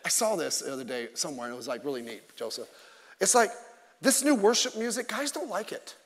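A man's voice: sits high, big pitch swings, brisk, big-room sound. A male pastor preaching a sermon in an emphatic, conversational way, mixing in self-deprecating jokes.

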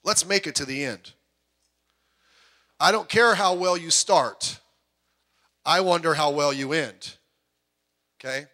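A middle-aged male pastor preaching with a high, bright voice. He is animated and jokes with the congregation. He sometimes breaks into loud outbursts. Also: takes it slowly, long pauses. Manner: puts on voices when quoting people. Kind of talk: sermon.

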